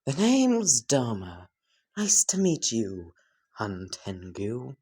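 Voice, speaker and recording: A man voicing a cheerfully creepy male demon who teases in a soft, drawn-out, hushed voice. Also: medium pitch, huge pitch swings, husky, full character voice. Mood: smug.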